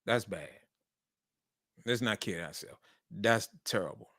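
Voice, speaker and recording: A man's voice: fairly low pitch, animated, unhurried, gravelly, sharp tone, dry recording, clean studio sound. A man hosting a sports show, talking casually and emphatically about football and repeating his points. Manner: repetitive, emphatic, colloquial.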